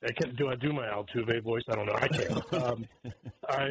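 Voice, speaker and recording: A man's voice: medium pitch, moderate pace, a bit bright, a little hiss or hum, poor audio. A man calling into a sports radio show from Arizona, joking playfully. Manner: jokey, playful. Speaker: caller. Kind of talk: phone-in call to sports radio.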